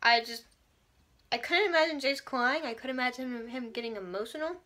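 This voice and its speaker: A young woman gives a casual fan review of a TV episode, gushing and rambling with quick asides. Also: on the high side, pushed and bright.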